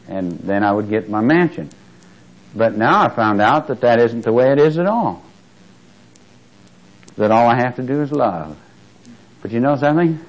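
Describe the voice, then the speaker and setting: A man's voice: on the low side, darkish tone, highs cut off. A man preaching a sermon in a conversational way, questioning his listeners and swelling on key words. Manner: conversational, asks the congregation questions.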